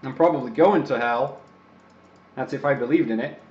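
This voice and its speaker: A man's voice: mid-range voice, normal speed, a little mellow. A young man from the Czech Republic hosting an overclocking livestream, rambling and joking about himself in casual commentary. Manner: rambling, joking, self-deprecating. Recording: roomy, slightly dull stream audio.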